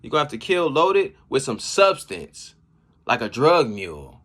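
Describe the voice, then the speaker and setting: A man giving casual, slangy commentary on rap battle bars. He reacts with laughs and shouts as he explains each line. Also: mid-range voice, sing-song, moderate pace. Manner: slangy street talk. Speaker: battle rap breakdown host.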